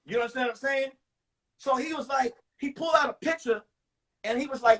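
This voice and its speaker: A man from New York performs a one-man comedy show, telling stories and jumping into every character with animated delivery. His voice sits very high for a man and has a raspy edge. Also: a little fast, far from the mic, poor audio.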